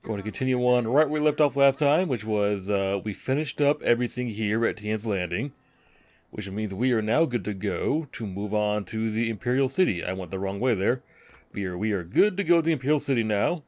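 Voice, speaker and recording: A man giving relaxed, rambling commentary while playing a video game. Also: fairly low pitch, dry recording. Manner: rambling, laid-back, drawn-out fillers. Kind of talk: casual gameplay commentary.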